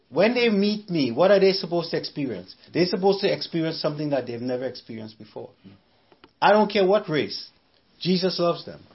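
High-voiced man preaching emphatically. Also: lo-fi sound. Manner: emphatic, repeats phrases, rhetorical questions. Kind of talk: sermon.

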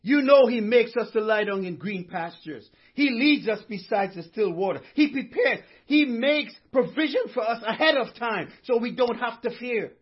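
A man's voice: very high-pitched, expressive, normal speed, hardly any pauses, husky, highs cut off. A male pastor preaching a sermon, fervent and repetitive, stressing each line with conviction. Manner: fervent, repeats lines with conviction.

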